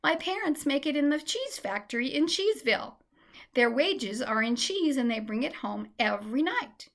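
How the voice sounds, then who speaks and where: A tiny girl mouse, sweet and homesick, speaks in a high, bright little voice that turns pleading and tearful, as a woman reads her aloud. This is a storybook telling with lively rises in pitch. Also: normal speed, vocal fry, heavily acted. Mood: gentle.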